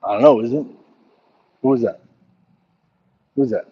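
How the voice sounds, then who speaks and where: A man's voice: medium pitch, normal speed, lo-fi sound, a little hiss or hum. A middle-aged man walking outdoors at night, chatting casually on a livestream and reading viewer comments aloud in a laid-back, chuckling way. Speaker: livestream host. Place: outdoors at night, crickets around.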